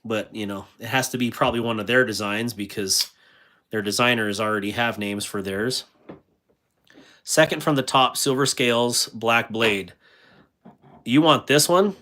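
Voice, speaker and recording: Man hosting a casual livestream, mid-pitched voice, rambling and full of fillers, reads chat comments aloud. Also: moderate pace, bright, forceful tone. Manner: rambling, with many fillers and restarts; reads viewer comments aloud and answers them. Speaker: livestream host.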